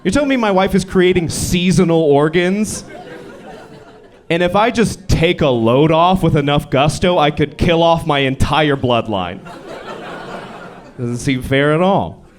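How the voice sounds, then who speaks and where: A young man performing a stand-up set on a comedy club stage, with a deadpan, self-deprecating delivery. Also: a little high, unhurried, some chatter behind. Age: young adult.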